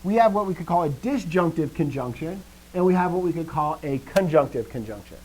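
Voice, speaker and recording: A man teaching a live grammar lesson, explaining step by step, often answering students with quick affirmations and dry joking asides. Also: fairly high pitch, animated, a little mellow, slight background noise, poor audio. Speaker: language teacher.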